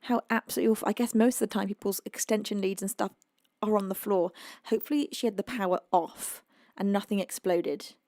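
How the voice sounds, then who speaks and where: A chatty British woman hosting a live music stream from home, reading viewers' messages aloud with frequent exclamations. Her voice carries a gravelly, creaky edge. The sound is dry and close, with little room echo. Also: mid-range voice, steady tone, a little fast, a little mellow. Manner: chatty, exclaims often, reads chat aloud. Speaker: livestream music host. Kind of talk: casual chat with viewers.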